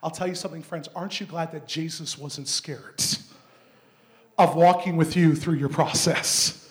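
A man preaching a sermon in an earnest storytelling manner that rises to shouts. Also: fairly high pitch, steady tone, moderate pace.

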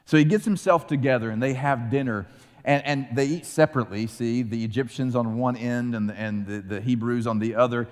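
A man preaching a sermon, retelling a scripture story with lively acted-out voices. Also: mid-range voice, a little fast, long reverb tail. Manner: animated storytelling, acting out voices. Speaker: pastor.

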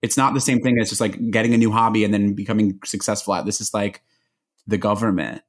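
A man's voice: fairly low pitch, steady tone, quick pace. Joking, incredulous man on a podcast. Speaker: podcast panelist. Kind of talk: casual political chat.

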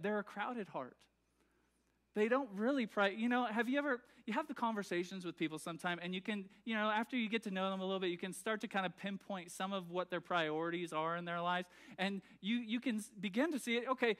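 A pastor preaches in a church with a notably high voice for a man. He talks loosely and conversationally, full of fillers and restarts, often checking that the congregation is following along. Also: brisk, a bit bright. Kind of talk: sermon. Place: church sanctuary.

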